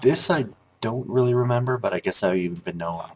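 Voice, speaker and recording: A man's voice: mid-range voice, brisk, slight background noise. A grown man telling a rambling story over gameplay commentary, with frequent restarts and filler words. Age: adult.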